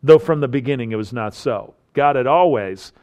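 A man teaching through a Bible passage, explaining its culture and acting out the quoted lines with rising emphasis. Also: moderate pace. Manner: animated, acts out quoted lines with rising pitch and force. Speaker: preacher.

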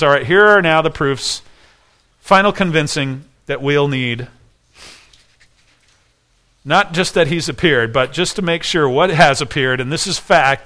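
Um homem pregando um sermão com fervor, fazendo perguntas retóricas à congregação. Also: male voice, on the high side, bright, forceful tone. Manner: earnest preaching with rhetorical questions. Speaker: pastor. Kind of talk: sermon.

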